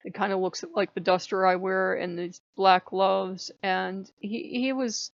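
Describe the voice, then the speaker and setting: Woman vlogging, chatty and animated storyteller, slightly muffled, dry room. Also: mid-range voice, measured pace, gravelly, no room sound. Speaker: channel host. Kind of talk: casual vlog storytelling. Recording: dry, dull lo-fi sound.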